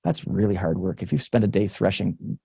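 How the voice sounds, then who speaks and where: A Canadian researcher talks frankly on a webinar, thinking aloud, restarting sentences and laughing now and then. His voice is warm and mellow, recorded dry and close. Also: sits low, lively intonation, moderate pace, gravelly, slightly rough, dry recording. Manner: laughs between points. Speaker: researcher guest. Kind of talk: webinar conversation.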